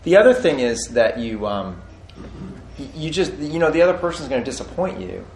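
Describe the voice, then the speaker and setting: A man in his forties, co-hosting a casual marriage-advice chat, who talks in halting bursts with many restarts. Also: medium pitch, sing-song. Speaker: podcast co-host. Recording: echoey room with faint noise.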